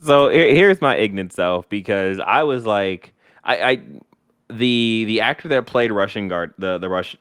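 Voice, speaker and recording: A man's voice: on the low side, animated, unhurried, a bit bright, clean tone, dry recording, clean studio sound. A man co-hosting a casual review podcast, talking hesitantly with lots of fillers and laughing easily. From United States. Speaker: podcast co-host.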